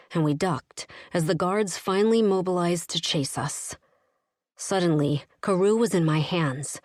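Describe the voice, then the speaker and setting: Woman, audiobook narrator, first-person storytelling, lower voice, steady delivery, dry close sound. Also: dry recording.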